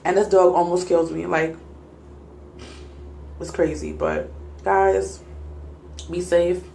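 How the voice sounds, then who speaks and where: A woman's voice: fairly low pitch, fairly even intonation, takes it slowly, creaky, mellow, slight background noise. Young woman telling viewers a scary story, shaky nervous laughs, roomy echo. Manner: shaken, retelling a scary night, nervous laughs. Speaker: vlogger. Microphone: phone.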